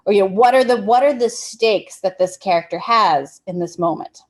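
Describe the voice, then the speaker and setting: Woman, film directing instructor, casual workshop talk, conversational, mid-range pitch. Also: moderate pace. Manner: conversational, explains with everyday examples, frequent restarts.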